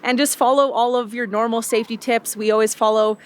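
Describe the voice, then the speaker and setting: A woman's voice: on the high side, steady tone, fairly quick. A woman travel vlogger talking in a chatty, upbeat way about her trip. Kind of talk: casual travel vlog.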